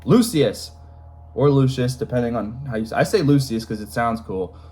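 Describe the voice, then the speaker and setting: Animated young man ranting. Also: medium pitch, fast. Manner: animated, rambling, lots of fillers and sudden emphatic jumps. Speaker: lore video host. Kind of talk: casual lore rant.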